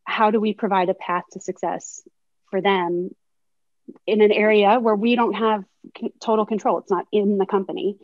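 A woman's voice: medium pitch, fairly even intonation, moderate pace, dry recording. A woman in her thirties, a sports agent speaking as a webinar guest, telling candid anecdotes in a reflective way. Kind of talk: webinar conversation, storytelling. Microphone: video call. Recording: slightly dull lo-fi video call audio.

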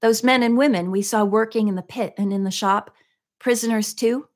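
A brave young girl detective asks her questions quickly and higher than the reader's own voice, urgent and keen, as a woman reading a storybook puts her on. When danger is near she drops to a hushed whisper. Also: steady tone, close to an everyday voice. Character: brave young female sleuth.

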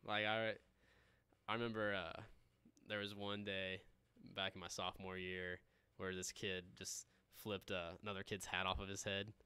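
Young midwest guy hosting a podcast, smooth lowish radio voice, laughs a lot, dry close sound. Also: normal speed, no room sound. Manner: laughs often, relaxed storytelling. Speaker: podcast host. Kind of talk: casual chat.

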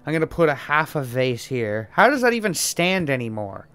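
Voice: medium pitch, very animated, normal speed, a bit bright. Giggly, rambling gameplay commentator. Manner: giggly, rambling, playfully foul-mouthed. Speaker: gamer watching and commenting.

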